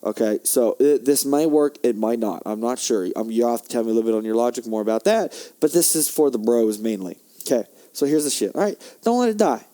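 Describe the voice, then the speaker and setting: A young man hosting a podcast, ranting in a heated, profane monologue that swings between loud outbursts and low muttering. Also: expressive, a little fast, hardly any pauses. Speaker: podcast host.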